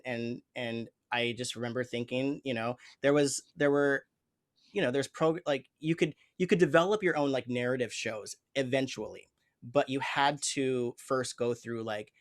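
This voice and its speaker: This is a male host and improv teacher in a conversational interview, with an ordinary mid-range pitch. He speaks earnestly and reflectively. He often pauses and restarts while he works out what he means. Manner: reflective, earnest, searching for words.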